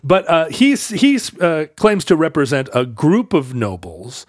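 A man's voice: fairly high pitch, big pitch swings, measured pace, no echo, clean studio sound. A man casually telling a history story on a podcast, rambling and correcting himself as he goes. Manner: rambling, self-correcting, laughs easily, tries funny voices.

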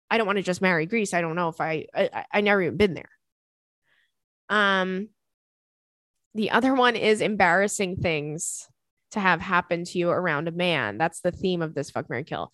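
A woman's voice: fairly low pitch, fairly bright tone, no room sound. Giggly woman podcast host, dry close sound. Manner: bubbly, laughs often, crude jokey banter. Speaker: podcast host and stand-up comic. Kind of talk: casual podcast chat, reading listener emails.

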